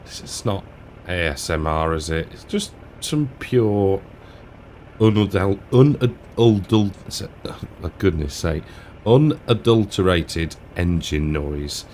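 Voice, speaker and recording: A man's voice: low-pitched, lively intonation, slow pace, darkish tone, a little hiss or hum. A man from England giving casual, rambling commentary while playing a farming game, chatty and self-deprecating. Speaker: gaming channel host. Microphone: desk mic with headphones.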